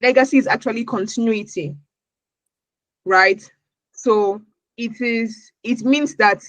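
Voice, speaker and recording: A woman's voice: on the high side, fairly bright tone, dry recording, poor audio. A woman from Nigeria answering interview questions as a podcast guest, earnest, often repeating words as she searches for her phrasing.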